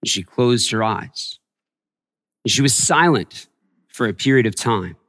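A man preaching a sermon as a pastor, telling a personal story and growing hushed in its tender parts. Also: medium pitch, expressive, measured pace, long reverb tail. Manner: storytelling, softening to a hush in tender moments. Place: church sanctuary.

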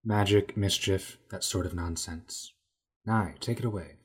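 A man playing a tabletop game, chatting casually in a joking, rambling way that trails off quietly. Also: low-pitched, fairly even intonation, unhurried, breathy edge. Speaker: player. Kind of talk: casual chat.

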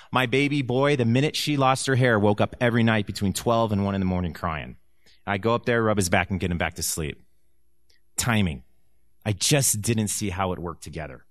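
Animated man telling a church testimony. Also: medium pitch, no echo, studio quality. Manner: animated storyteller who acts out quoted speech. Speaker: church speaker sharing a testimony. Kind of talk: personal testimony storytelling to an audience.

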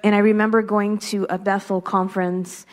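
A woman's voice: medium pitch, level tone, normal speed. A woman speaking candidly as a guest, sharing a reflective personal faith testimony. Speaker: guest, wife.

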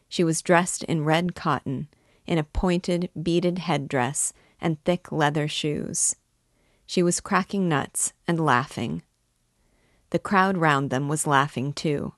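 A woman narrating a classic novel aloud in a measured, even storytelling manner. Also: sits low, no room sound, clean studio sound. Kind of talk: audiobook narration.

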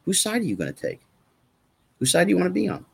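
Guest, man, husky voice, lively delivery, emphatic and repetitive. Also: high-pitched, fast talker. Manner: emphatic, repetitive, rhetorical questions. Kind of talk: casual chat.

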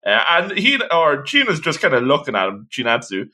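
A man's voice: a little high, wildly swooping pitch, fairly quick, bright, forceful tone. A man co-hosting a casual chat about a comic, enthusiastically retelling scenes and acting out lines. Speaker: co-host discussing a manga chapter.

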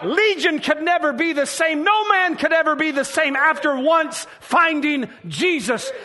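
A man preaching a sermon in an emphatic, fervent way, at times breaking into shouts. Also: very high voice, unhurried.

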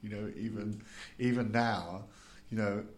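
A man talking in a casual group conversation, relaxed and laughing easily, with plenty of loose fillers. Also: lowish voice, a little slow. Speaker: discussion participant.

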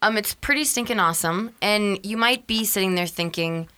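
A woman co-hosting a casual podcast, playful and quick to laugh. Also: medium pitch, pushed and bright, clean tone. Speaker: podcast co-host. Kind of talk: casual chat.

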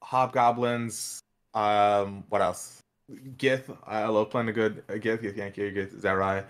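A man talks casually with his castmates in a somewhat low voice. He hunts for words, trailing off and restarting as he goes, in loose livestream chat. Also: little pitch movement, slow. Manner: hesitant, many fillers and restarts. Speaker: podcast player.

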